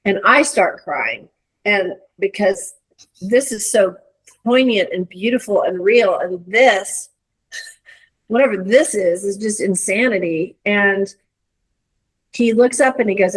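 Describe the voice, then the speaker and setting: A woman's voice: mid-range voice, slow, long pauses, husky, low-quality recording. Earnest woman telling a heartfelt story. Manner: earnest, emotive storyteller with restarts. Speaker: leadership coach and guest. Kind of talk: storytelling in conversation.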